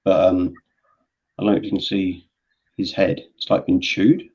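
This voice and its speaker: A man's voice: low voice, level tone, moderate pace, darkish tone. A man chatting casually about toy collecting, rambling with frequent restarts. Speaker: toy collector stream co-host. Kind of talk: casual chat. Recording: muffled lo-fi call audio.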